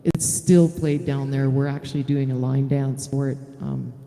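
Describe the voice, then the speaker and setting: A woman's voice: extremely low pitch, fairly even intonation, normal speed, vocal fry, dark tone. A middle-aged woman, a singer-songwriter, chatting frankly and telling a story on a live stream. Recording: reverberant room with faint guitar.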